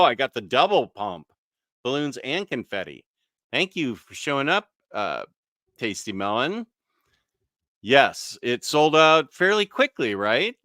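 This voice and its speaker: An easygoing man hosts a live stream and chats his way through viewer comments, loose and conversational. His voice is bright and forward, and it comes through clean and smooth. The sound is close and dry, with no room around it. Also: mid-range voice, big pitch swings, measured pace, dry recording. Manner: easygoing, chatty, with frequent fillers and mild self-corrections.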